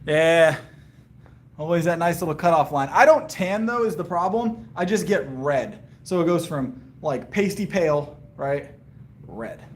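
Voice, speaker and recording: Between lifting sets on a live stream, a Southern US man in his 30s chats casually with viewers and answers their questions. This powerlifting streamer has a slightly high, animated voice, speaks unhurriedly, and the room sounds reverberant.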